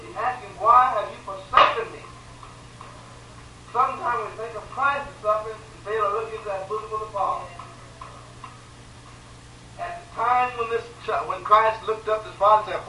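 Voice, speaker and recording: A man preaching a sermon with emphatic repetition, swinging between loud pleading and quiet, sorrowful lines. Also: high-pitched, fairly quick, a little hiss or hum. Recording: echoey room from far off, faint ambience.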